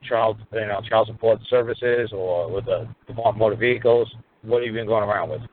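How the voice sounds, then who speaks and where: A low-voiced man hosts a call-in talk show, blunt and sarcastic and quick to swear. His voice comes through a tinny phone line with a faint hiss behind it. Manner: blunt, profane and sarcastic, rising to ranting.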